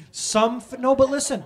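A middle-aged male pastor telling a personal story in a sermon to his church, animated and self-mocking, often laughing. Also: extremely high pitch, breathy edge.

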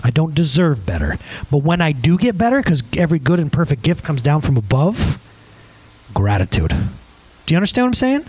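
A man's voice: a little high, wildly swooping pitch, fairly quick, a little mellow, slightly rough, poor audio. A man in his thirties preaching a conversational sermon, laughing at his own asides.

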